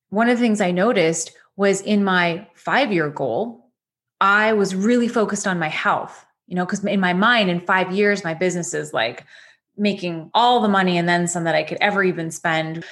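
A woman's voice: medium pitch, fairly bright tone. A woman coach leading a goal-setting lesson, talking directly and encouragingly with many rhetorical questions.

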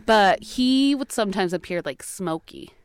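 A young woman telling a ghost story in casual chat, rambling and animated with lots of fillers, recorded in a small closet. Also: mid-range voice, moderate pace.

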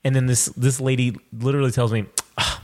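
A man's voice: mid-range voice, fast. A man in his thirties, co-hosting a casual chat show, telling a story with lots of swearing and acted-out voices. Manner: profane, animated storyteller acting out quoted voices. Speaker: podcast co-host.

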